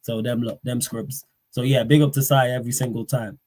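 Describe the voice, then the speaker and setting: A man, hosting a football livestream, talking in a slangy, animated way and firing off rhetorical questions. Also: medium pitch, fairly quick. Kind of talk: casual live-stream rant.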